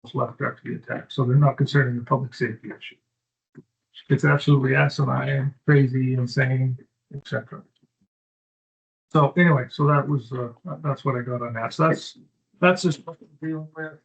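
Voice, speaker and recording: A gravelly, fry-edged male voice gives a supervisor's report at a board meeting. He is blunt and plainly exasperated, and the audio sounds muffled and dull. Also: medium pitch, fairly even intonation, brisk. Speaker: county supervisor.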